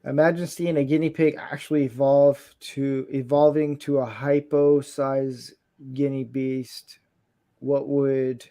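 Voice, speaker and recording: A man who grew up in Florida, talking casually at an ordinary middle pitch. He wanders from thought to thought, laughs at himself often and keeps things loose and unpolished. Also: mellow. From Florida, USA. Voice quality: rambling, chuckling, self-deprecating. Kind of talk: casual chat.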